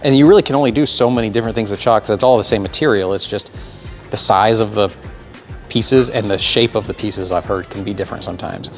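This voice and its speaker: A man's voice: on the low side, fast, soft background music. A man co-hosting a climbing video, chatting casually and joking, breathing heavily as he talks. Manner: playful, jokey, breathes heavily. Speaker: climbing channel co-host. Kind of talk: casual chat.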